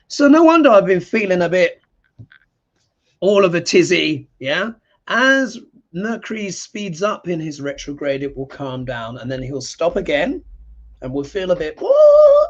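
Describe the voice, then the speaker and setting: A man hosting a live astrology stream, chatting and reading viewer comments in an animated way. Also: mid-range voice, highs cut off. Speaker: astrologer and live show host.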